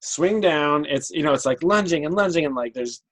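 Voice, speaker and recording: A man running a tabletop game as game master, thinking aloud and pausing on many ums as he talks. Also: fairly high pitch, lively intonation, poor audio.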